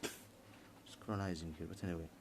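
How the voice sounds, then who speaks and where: A man giving a heated political monologue in halting, repetitive English, restarting his sentences often. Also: sits low, little pitch movement, background noise.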